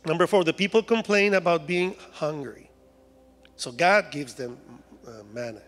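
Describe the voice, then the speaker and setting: Mexican guy preaching, kinda high voice, jokey, acts out the people, long church reverb. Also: normal speed, fairly bright tone, faint music behind. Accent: Mexican Spanish. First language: Spanish. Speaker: guest preacher. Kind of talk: sermon. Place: church sanctuary.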